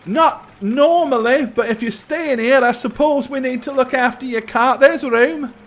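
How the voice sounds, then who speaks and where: A man doing a high eager stable boy. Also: unhurried, a bit bright, full character voice. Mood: eager helpful. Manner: chatty, hesitant, fussing over customs.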